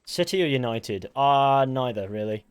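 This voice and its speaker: Chatty streamer with a mixed English accent. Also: male voice, medium pitch, lively intonation, moderate pace, clean tone, dry recording. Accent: mixed Mancunian, West Country and Southern English. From England. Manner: rambling, chatty, answers viewers. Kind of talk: casual live-stream chat.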